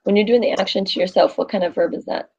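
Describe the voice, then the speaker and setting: A woman's voice: mid-range voice, fast, a little mellow, husky, lo-fi sound. A woman teaching a Spanish class in a classroom, thinking aloud and quizzing her students.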